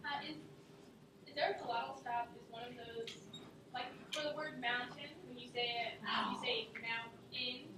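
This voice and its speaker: A woman's voice: fairly high pitch, fairly even intonation, moderate pace, background noise. A woman student asking a hesitant question from her seat in class. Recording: faint, distant and echoey room mic.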